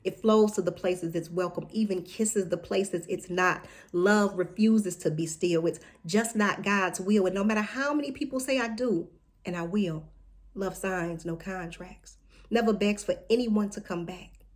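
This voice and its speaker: A woman reciting a spoken word poem about love and apology, slow and deliberate, sometimes dropping to a soft whisper. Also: medium pitch.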